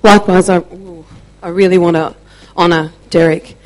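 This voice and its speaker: A woman sharing a church testimony, telling her story slowly and deliberately with emphatic pauses. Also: fairly low pitch, steady tone, low-quality recording.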